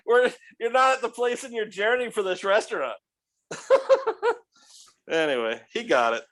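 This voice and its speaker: Animated, profane male storyteller. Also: extremely high pitch, takes it slowly, long pauses. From United States. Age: middle-aged. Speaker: podcast guest, restaurant owner. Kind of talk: casual storytelling.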